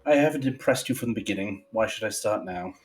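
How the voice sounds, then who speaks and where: A man doing a deadpan embarrassed nephew. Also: lowish voice, fast, lightly acted. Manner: quiet and deadpan.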